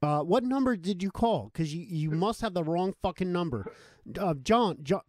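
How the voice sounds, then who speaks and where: Hot-tempered high-voiced man swearing at callers. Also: animated, normal speed, darkish tone, no echo. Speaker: host. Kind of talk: improvised comedy web show.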